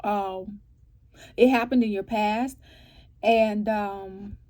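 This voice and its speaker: A woman giving a casual tarot reading to her viewers. She asks animated rhetorical questions and keeps checking in with "right?" and "okay?". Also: medium pitch, extremely slow. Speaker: tarot reader.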